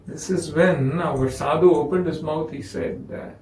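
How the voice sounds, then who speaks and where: Animated storytelling man with Indian English accent. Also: fairly high pitch, a little slow, hardly any pauses, echoey room, recorded from a distance, low-quality recording. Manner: animated storytelling with acted quotes. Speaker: spiritual speaker. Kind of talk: storytelling discourse.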